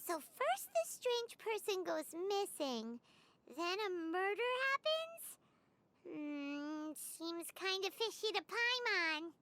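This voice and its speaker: An actress voicing a small, chatty female fairy companion who speaks in a bright, childlike way. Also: very high-pitched, very animated, slight background noise, full character voice. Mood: suspicious. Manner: bright, childlike, quick to blurt things out.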